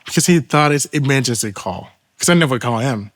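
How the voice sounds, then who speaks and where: A man from Thailand with a Thai accent tells a personal testimony in earnest, halting English and acts out the dialogue as he goes. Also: mid-range voice, expressive, a bit bright. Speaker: testimony guest.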